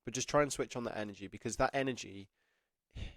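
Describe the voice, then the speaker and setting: A man's voice: medium pitch, quick pace, fairly bright tone, dry recording, studio quality. A young man giving casual advice to camera, rambling, full of "like", often self-conscious and laughing. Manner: chatty, rambling, heavy use of "like". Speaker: apprenticeship advice vlogger.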